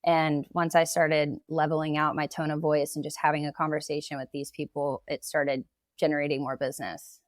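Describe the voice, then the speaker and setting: Real estate agent, woman, low voice, conversational, dry close mic. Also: flat delivery, a little fast, no echo. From Oklahoma. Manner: conversational, explaining at length with laughs. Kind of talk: casual podcast interview.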